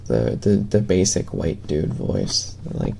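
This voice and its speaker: A man's voice: low voice, very animated, takes it slowly, gravelly, a little mellow. An American man streaming live, sleepy and drowsy, chatting casually, reading chat aloud and giggling, on a noisy home stream mic. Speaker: ASMR streamer.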